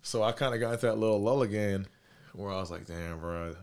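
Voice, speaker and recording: A young man in his twenties, telling a story in a casual chat, slangy and animated, acting out the dialogue. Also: on the low side, fast. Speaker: podcast guest.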